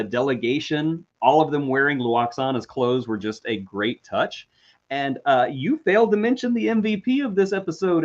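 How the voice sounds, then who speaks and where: A man's voice: medium pitch, highs cut off. A man co-hosting a casual TV review chat, jokey and self-deprecating, gushing about episodes he liked. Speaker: co-host of a TV review show.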